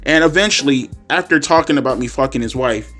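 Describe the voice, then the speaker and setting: A man's voice: medium pitch, brisk, fairly bright tone, faint music behind. A man ranting sarcastically and profanely about a wrestling show in a casual vlog. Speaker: wrestling commentary vlogger. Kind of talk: profane rant.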